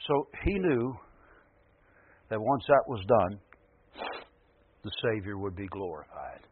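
A man's voice: measured pace, pauses often, slight background noise. Preacher man on a tinny line. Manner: rising to loud emphatic peaks, then dropping low. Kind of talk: sermon.

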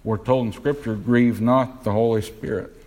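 A man preaching a sermon, putting questions to the congregation and slowing down to stress key words. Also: medium pitch, steady tone, a little mellow, low-quality recording.

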